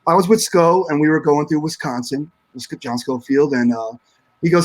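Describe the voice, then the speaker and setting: Casting: heartfelt guest drummer, rambling with fillers, voice a bit high. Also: male voice, normal speed, rough recording. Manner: emotional, searching for words, many fillers. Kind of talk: casual panel chat.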